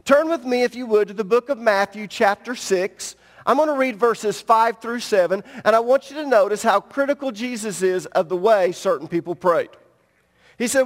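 Middle-aged male pastor, high voice, direct emphatic sermon delivery, long reverb from a church hall. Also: normal speed.

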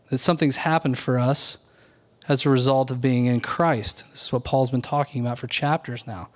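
A man, a pastor, preaching an earnest Sunday morning sermon at a measured, deliberate pace, pausing on key words. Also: medium pitch, fairly even intonation.

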